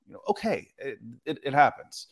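A man co-hosting a casual sports podcast, talking in a relaxed, chatty way with lots of fillers. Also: mid-range voice, a little fast, gravelly. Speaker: podcast co-host.

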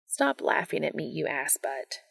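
A woman voicing a shy, tender young man in love, speaking softly and low in a hushed voice. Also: big pitch swings, measured pace, creaky, husky, exaggerated voice.

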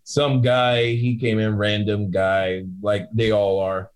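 A man's voice: lowish voice, takes it slowly, smooth. A man in casual podcast chat, telling a story with lots of energy and acting out the voices of the people in it. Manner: animated storyteller, acts out voices in his anecdotes. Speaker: guest telling a bouncer story.

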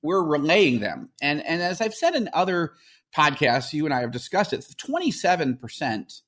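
A man's voice: a little high, big pitch swings, normal speed, a bit bright. A man hosting a podcast, explaining earnestly in casual talk, with fillers and restarts. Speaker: podcast host.

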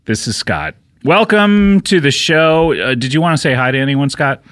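Lively playful man hosting a podcast. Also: medium pitch, normal speed, no echo, studio quality. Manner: playful, laughs often, teasing. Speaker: podcast host. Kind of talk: casual comedic podcast chat.

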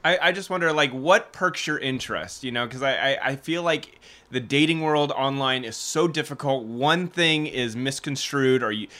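A man hosting an interview, asking curious questions in a relaxed way. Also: medium pitch, normal speed. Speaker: host. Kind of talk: casual interview.

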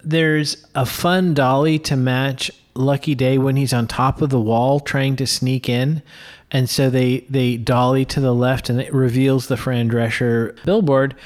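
A man co-hosting a casual film podcast, relaxed and chuckling often as he talks. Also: medium pitch, a little slow. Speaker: podcast co-host, filmmaker.

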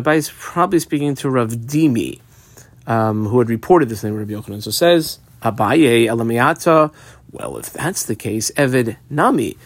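A man's voice: mid-range voice, dry recording. Sing-song man teaching a Talmud lesson. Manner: reads Aramaic lines with a rising, sing-song lilt, then explains them. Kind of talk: Talmud lesson, reading and translating.

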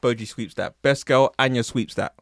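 A man holds forth as a podcast host, animated and slangy, pushing his opinions with plenty of laughs. His voice sits mid-range, and the sound is dry and close with no room around it. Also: mid-range voice, normal speed, vocal fry, dry recording. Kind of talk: casual chat.

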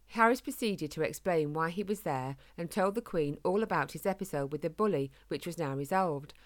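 A woman narrates a children's storybook. She reads in a gentle, measured way, and her voice sits on the lower side. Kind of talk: storybook reading.

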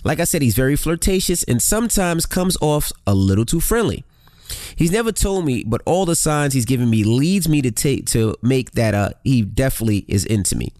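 A brash, middle-aged man co-hosting a podcast, mixing casual swearing with sheepish apologies. His pitch swings widely as he talks. The sound is dry and close. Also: very animated, fairly quick, a little mellow, dry recording. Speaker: podcast co-host. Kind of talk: casual chat, reading a listener email.

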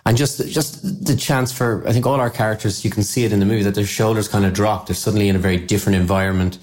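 Man, deep voice, quick talker, relaxed actor guest, anecdotal. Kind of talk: relaxed interview answers.

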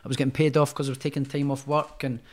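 A man's voice: mid-range voice, little pitch movement, racing. A Scottish man being interviewed as a guest, telling his story in a rambling, casual way full of restarts. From Scotland. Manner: rambling, many restarts and fillers, self-deprecating. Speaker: guest, professional boxer.

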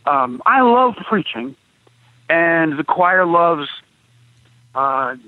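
A man who is an activist street preacher, speaking as a radio interview guest: halting at first, then building into preacher-like emphasis. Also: medium pitch, no echo. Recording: tinny phone line, dry.

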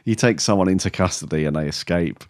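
A man's voice: deep voice, quick pace, a little mellow, dry recording, clean studio sound. A man co-hosting a casual fan podcast. He rambles, chuckles and trails off mid-sentence. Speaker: podcast co-host.

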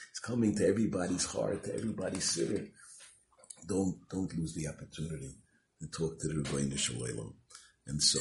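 Rabbi, deep creaky voice, storytelling Torah talk, echoey room with faint hiss. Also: male voice. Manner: storytelling, sprinkled with Yiddish and Hebrew terms.

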